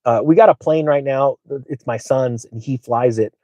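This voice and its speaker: A middle-aged man who hosts a finance channel, talking in a mid-range voice with a dry, close sound. He tells casual, rambling stories in an excitable, boastful way and uses lots of fillers. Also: mid-range voice, moderate pace, no room sound. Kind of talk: casual storytelling monologue.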